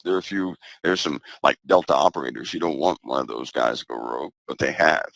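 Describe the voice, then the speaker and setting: A man speaking as a guest in a casual conversation, measured and repeating phrases for emphasis. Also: a bass voice, vocal fry, a bit bright, dry recording.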